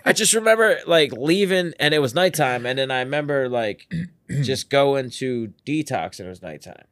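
A man's voice: mid-range voice, animated, moderate pace, fairly bright tone, dry recording, studio quality. A young man telling stories from his own life in a casual podcast interview, laughing a lot, swearing freely and saying "bro" and "dude" constantly. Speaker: podcast guest. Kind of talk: casual storytelling.

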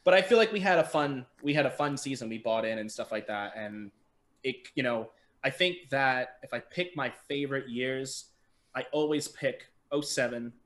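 A young adult man, a podcast guest, telling stories in casual chat over a remote call, animated and swearing freely. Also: medium pitch, normal speed. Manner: animated, swears freely, acts out quoted people. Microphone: remote call mic.

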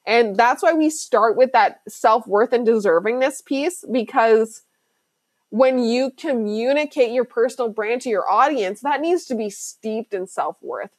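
A woman's voice: fairly high pitch, unhurried, dry recording. A woman hosting a casual solo podcast as a business coach, chatty and emphatic, full of "like" and slang.

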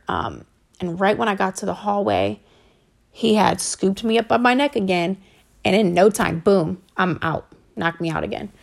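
A woman hosting a podcast, telling her own story in a casual, halting way, full of fillers and swearing. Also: mid-range voice, vocal fry. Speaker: podcast host. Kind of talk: personal storytelling monologue.

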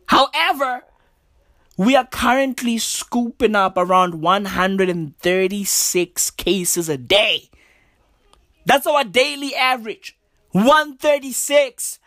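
A woman's voice: fairly high pitch, slow, fairly bright tone, no room sound. A young woman, ranting in an exasperated, swearing comic monologue. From South Africa. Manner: exasperated, swearing, repeats slang "bruv". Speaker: comedian. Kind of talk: stand-up style rant.

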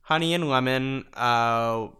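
A man co-hosting a podcast in casual chat, laughing often and filling pauses with ums. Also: medium pitch, pushed and bright, clean tone. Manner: chatty, laughs often, many fillers. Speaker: podcast co-host.

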